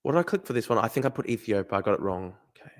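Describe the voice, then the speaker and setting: A young Australian man streaming live, thinking out loud as he plays a guessing game, swearing often and talking to his chat. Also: lowish voice, big pitch swings, very fast. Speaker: livestreamer. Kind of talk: casual live-stream commentary.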